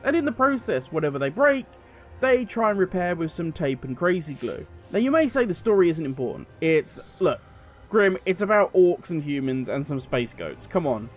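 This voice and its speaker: A man giving opinionated video commentary as a gaming commentator, animated and sarcastic. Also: sits high.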